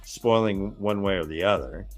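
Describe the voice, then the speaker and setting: A man's voice: sits low, normal speed, faint music behind. Rambling male podcast co-host. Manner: rambling, many fillers and restarts. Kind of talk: casual chat recapping a book.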